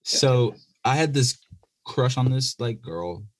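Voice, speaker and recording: A young man co-hosting a podcast, telling stories in slangy casual chat with quick bursts and laughing asides. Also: medium pitch, animated, no echo. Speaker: podcast co-host.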